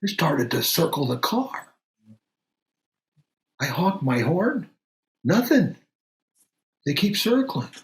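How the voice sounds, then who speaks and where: An actor playing a middle-aged country doctor who tells a strange story in an unhurried, halting way, full of pauses and fillers. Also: male voice, a little high, big pitch swings, roomy sound, heavily acted. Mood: steady recounting. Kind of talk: audio drama acting.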